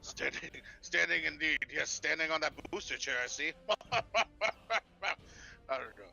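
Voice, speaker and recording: A man's voice: a little high, unhurried, gravelly, sharp tone, soft background music, voice pushed up, exaggerated voice, rough recording. A man voicing a pompous, boastful male wizard author with a grandiose, self-admiring manner. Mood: haughty.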